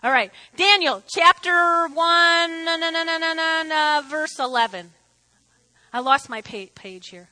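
A woman pastor preaching a sermon, emphatic, swinging between hushed asides and shouted declarations, hot and sweating. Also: very high voice, a little slow, no echo, poor audio.

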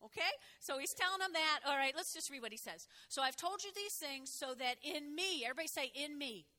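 Lively high-voiced woman preaching. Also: fairly quick. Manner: lively, call-and-response with congregation, exclaims. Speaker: pastor. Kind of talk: sermon.

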